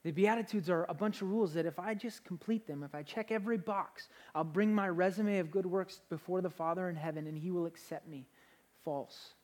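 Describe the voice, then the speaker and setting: A young man, a pastor, preaching a sermon in an energetic, conversational way, with frequent restarts. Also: high-pitched, brisk.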